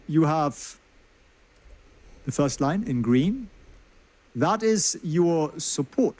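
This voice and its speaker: Man, stock commentator on a livestream, a bit high-pitched, chatty and jokey. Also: expressive, drawn-out words, darkish tone. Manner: chatty, joking, asks the viewers questions.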